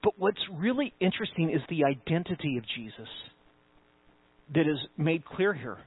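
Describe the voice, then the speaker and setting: A man's voice: a little high, very animated, moderate pace, slightly rough. A man preaching a sermon as pastor, emphatic and conversational, with asides to the congregation. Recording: tinny phone-like sound, dry.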